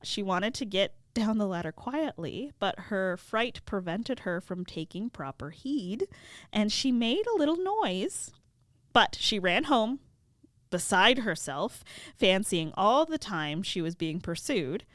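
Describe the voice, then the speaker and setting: A woman podcast co-host retelling a fairy tale casually, with animated, laughing asides. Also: medium pitch, slow pace, dry recording, clean studio sound.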